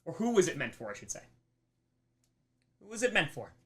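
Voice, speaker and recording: Brief: young male teacher, crisp bright tone, animated lecture with mock voices. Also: fairly high pitch, fairly quick. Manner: animated, acts out mock quotes, rhetorical questions. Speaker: streamer teaching history. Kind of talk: energetic classroom lecture. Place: streaming room.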